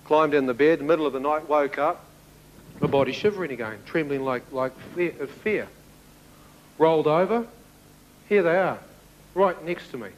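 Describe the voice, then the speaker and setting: A man giving a spoken testimony to an audience, telling his story in an animated way and acting out the dialogue. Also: a little high, normal speed, pauses often, slight background noise, low-quality recording. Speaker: speaker giving a personal testimony.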